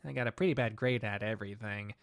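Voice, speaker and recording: A woman's voice: very deep voice, no echo, studio quality. Woman playing a sassy young male tiger. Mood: sheepish. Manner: playful, teasing, quick to sass back.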